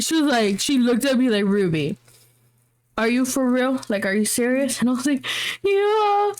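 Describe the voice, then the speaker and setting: Animated young woman telling a story. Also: sits high, normal speed. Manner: animated, swearing, slangy retelling. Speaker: podcast co-host. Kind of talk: casual storytelling chat.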